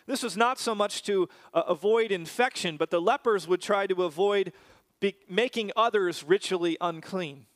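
A man's voice: sits high, normal speed, fairly bright tone, no echo. A man preaching a sermon, telling a personal story and then explaining a Bible passage in a storytelling manner with frequent fillers and restarts.

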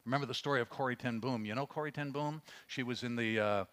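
A pastor preaching a sermon, reading scripture and telling stories, dropping to a hush and then rising for emphasis. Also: male voice, mid-range voice, fast. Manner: earnest preaching, swings from hushed storytelling to raised emphasis; reads scripture aloud, with fillers and restarts.

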